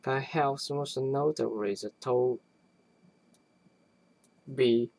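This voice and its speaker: A person reading an academic linguistics text aloud, haltingly, often restarting words and phrases. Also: mid-range voice, darkish tone, rough recording.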